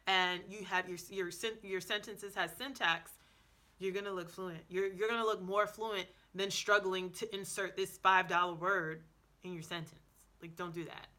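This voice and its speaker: A woman talks straight to her viewers in a casual vlog, sassy and chatty, with quoted asides thrown in. Her voice sounds bright and clear, sitting at a middling pitch. She keeps restarting her sentences and filling gaps with ums. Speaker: language-learning vlogger. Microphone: camera mic, indoors before a backdrop.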